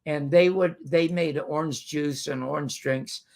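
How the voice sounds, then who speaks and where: Older male guest from Canada, gravelly, rambling raconteur. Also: on the high side, steady tone, a little slow. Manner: rambling, many fillers and restarts. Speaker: guest storyteller. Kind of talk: casual anecdotal storytelling.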